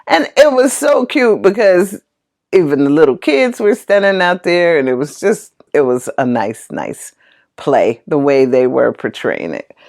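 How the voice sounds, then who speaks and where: Animated slow-talking woman. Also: medium pitch. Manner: animated, exclaims often. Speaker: vlogger. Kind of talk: casual storytelling.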